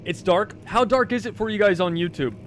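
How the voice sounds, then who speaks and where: A man streaming a horror game, joking and bursting into loud excited outbursts. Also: high voice, a little fast, a little hiss or hum. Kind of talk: live gameplay commentary.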